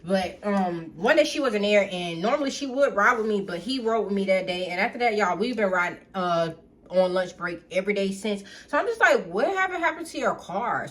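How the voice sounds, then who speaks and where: Chatty woman telling a storytime. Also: mid-range voice. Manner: chatty, addresses viewers as y'all, blunt and profane; animated, reenacts others in quick asides. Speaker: storytime vlogger. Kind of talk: casual storytime to viewers.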